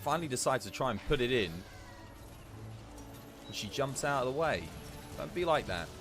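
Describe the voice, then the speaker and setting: A man streaming live and chatting casually as he plays, given to high giggling fits. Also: animated, moderate pace, a bit bright, soft background music. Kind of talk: live gameplay commentary.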